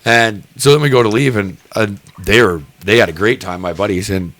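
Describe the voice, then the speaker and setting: Low-voiced man telling a rambling story. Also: fairly quick, a bit bright, no room sound. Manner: rambling, swears freely, acts out quotes. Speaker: podcast co-host. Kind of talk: casual storytelling.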